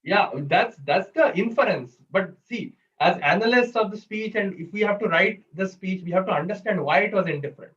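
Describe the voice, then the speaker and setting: A man runs a speaking workshop, putting questions to his listeners and explaining each answer. His voice sits high and sounds a little distant. The video-call audio comes through dull. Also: fairly quick, few pauses, a bit bright. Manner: coaching, asks audience questions. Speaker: workshop presenter.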